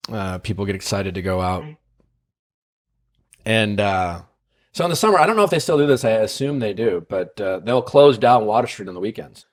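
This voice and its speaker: A man's voice: on the low side, very animated, moderate pace. A man hosting a podcast, casually telling a long personal story, full of fillers and tag questions. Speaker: podcast host.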